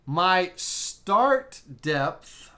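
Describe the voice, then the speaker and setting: A man teaching a live CNC software tutorial, thinking aloud with restarts as he works through settings. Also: high voice, sing-song, extremely slow. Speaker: woodworking CNC instructor.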